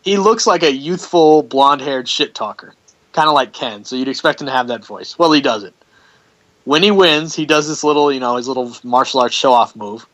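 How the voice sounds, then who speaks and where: A man's voice: medium pitch, normal speed, fairly bright tone, poor audio. A man hosting a podcast in casual chat, blunt and jokey, steering the talk along. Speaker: podcast host.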